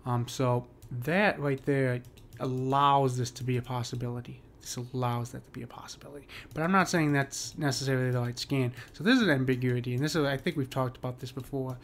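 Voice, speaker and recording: A man's voice: mid-range voice, steady tone, fairly quick. A man walking through a poem's meter in a casual screen-share lesson, with lots of fillers and "right?" checks. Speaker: poetry teacher.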